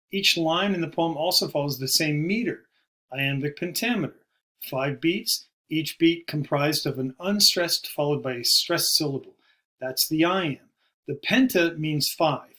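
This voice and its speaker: A man giving a recorded poetry lesson, explaining terms in a measured way and slowing down to stress key words. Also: on the high side, a bit bright. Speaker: poetry teacher. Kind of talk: recorded video lecture.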